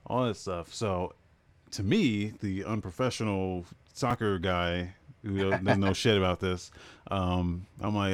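Laid-back young guy on a games podcast, really deep voice, smooth and clear, laughs a lot. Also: measured pace. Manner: relaxed, laughs often, many fillers and restarts while explaining. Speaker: podcast co-host. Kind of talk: casual gaming news chat.

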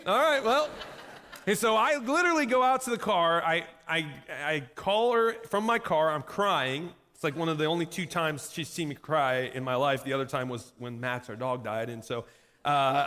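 A man with a fairly high, bright voice preaches to a congregation, spinning a story about himself with lively, self-mocking humor and frequent laughter. His voice carries through a sanctuary with a long, echoey hall reverb. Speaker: pastor. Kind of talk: storytelling sermon. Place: church sanctuary.

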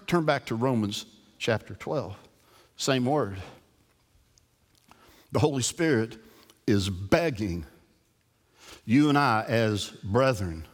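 A man preaching a sermon as pastor. He often repeats words as he starts and moves from quiet to forceful emphasis. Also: on the low side, long reverb tail.

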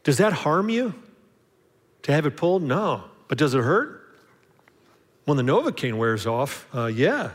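A man preaching in a relaxed, chatty style, slipping into short acted exchanges and stumbling over restarts. His voice sits a little high for a man. A long, lingering reverb fills the large hall around him. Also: a little slow, pauses often. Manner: conversational, acts out little dialogues, frequent restarts. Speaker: pastor. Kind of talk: sermon.

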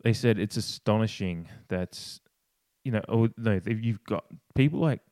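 A podcast co-host talks passionately in casual, opinionated conversation, swearing, restarting sentences often, and mimicking others in a higher voice. He speaks at normal speed in a slightly mellow voice with no echo.

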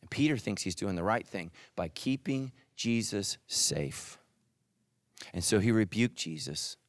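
Animated man preaching a sermon. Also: a little slow, no echo, clean studio sound. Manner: animated, voices quoted characters with jumps in pitch; drops to soft intense asides. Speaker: pastor.

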